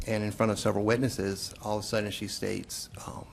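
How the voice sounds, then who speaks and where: A man, a police investigator, giving courtroom testimony in a measured way, with frequent hesitant pauses. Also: fairly low pitch, level tone, gravelly, slight background noise.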